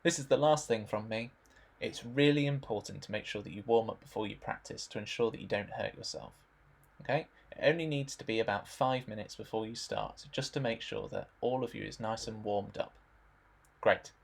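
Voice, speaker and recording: A young man narrating a stretching warm-up demonstration in a relaxed instructional voice-over, adding dry jokes. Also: lowish voice, normal speed, creaky. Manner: dry, joking asides.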